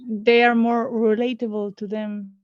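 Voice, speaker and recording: A participant answers a question in class, hesitating and searching for words. The delivery stays flat, and the sound is dry, dull and far from the mic. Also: medium pitch, unhurried, dry recording. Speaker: workshop participant.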